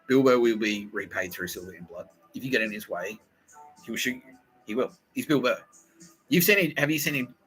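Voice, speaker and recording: A man hosting a podcast, riffing in a profane, excitable, repetitive comedic monologue. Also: mid-range voice, poor audio. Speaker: podcast host.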